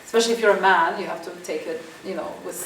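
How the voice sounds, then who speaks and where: A woman's voice: fairly low pitch, rapid-fire. Woman photographer chatting to a gallery crowd, laughs a lot, roomy echo, mic a bit far off. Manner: chatty storytelling, frequent laughs and "you know". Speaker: photographer answering audience questions. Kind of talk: gallery Q&A talk. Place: gallery talk in front of an audience. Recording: echoey room, voice from a distance, faint hiss.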